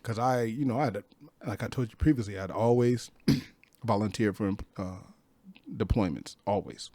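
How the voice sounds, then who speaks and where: A man in his fifties, a guest on a podcast, telling stories in a slangy, profane, animated way in a studio. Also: on the low side, moderate pace, no echo. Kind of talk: casual storytelling.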